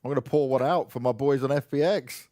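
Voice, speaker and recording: A man calling esports play-by-play briskly, getting excitable on big plays. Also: mid-range voice, no room sound, clean studio sound. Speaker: esports caster.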